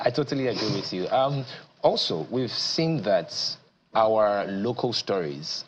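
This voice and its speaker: A man's voice: fairly low pitch, expressive, normal speed, slight background noise. A man hosting a TV studio interview, chatty and agreeable, laughing easily with his guests. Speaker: TV show host.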